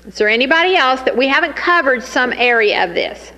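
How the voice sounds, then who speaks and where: A woman leading a sales training session, lively and teasing as she talks straight to the group. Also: high-pitched, fairly quick, long reverb tail, rough recording.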